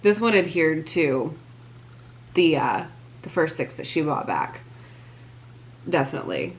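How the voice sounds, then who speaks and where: A woman's voice: low-pitched, sing-song, measured pace, slight background noise. A young woman vlogger chatting casually while she crafts, gushing and filling her talk with "like" and sighs. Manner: gushing, filler-heavy, breathy sighs.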